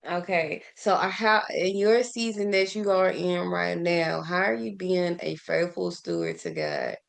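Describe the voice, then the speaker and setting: Woman, casual faith vlogger, talkative and preachy, with a gravelly texture. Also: fairly low pitch, expressive, unhurried. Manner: conversational and preachy, asks rhetorical questions, laughs often; repeats words and restarts often. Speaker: faith and self-care vlogger. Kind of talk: casual spoken devotional.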